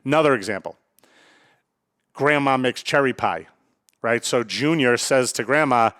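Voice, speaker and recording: A man's voice: mid-range voice, a little slow, pauses often, a bit bright, no room sound, clean studio sound. A man hosting a solo podcast in a blunt, casual way, often tagging his sentences with a questioning "right?" and swearing freely. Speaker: podcast host.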